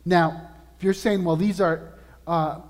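A man preaching a sermon as pastor, earnest and emphatic, slowing down to stress key words. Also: high-pitched, steady tone, long reverb tail. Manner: earnest, emphatic preaching with slow drawn-out lists.

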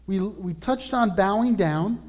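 High-voiced preacher man in a reverberant hall. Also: darkish tone. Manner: earnest, emphatic preaching with slow drawn-out lists. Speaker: pastor. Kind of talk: sermon.

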